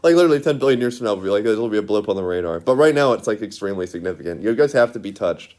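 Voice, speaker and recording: Racing along in a lowish, slightly mellow voice, a man rambles expressively through an easygoing monologue. He's giggly, peppers everything with "like," and frequently backs up to restart.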